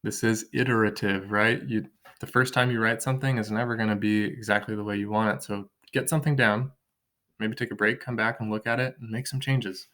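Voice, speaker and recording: A man's voice: on the low side, fairly even intonation, fairly quick, bright, forceful tone. A man teaching an online writing lesson from his kitchen table, thinking aloud and counting syllables as he drafts.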